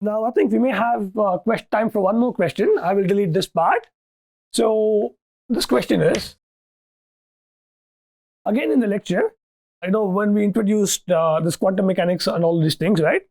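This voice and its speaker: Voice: mid-range voice, moderate pace, pauses often, darkish tone. A lecturer giving a university lecture, thinking aloud with restarts and often asking "okay, right?" to check that students follow.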